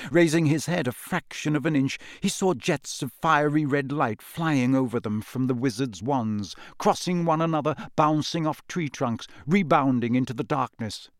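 A man narrating a fantasy storybook in a dramatic, expressive reading. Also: mid-range voice, no echo, clean studio sound. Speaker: audiobook narrator.

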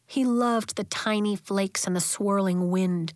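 A woman narrating a children's novel as an audiobook in a gentle, even storytelling manner. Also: medium pitch, measured pace, dry recording, studio quality.

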